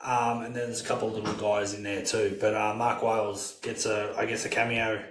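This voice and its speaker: A man's voice: lowish voice, level tone, fairly quick, fairly bright tone, roomy sound, low-quality recording. A man co-hosting a casual film review podcast, easygoing and agreeable. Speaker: podcast co-host.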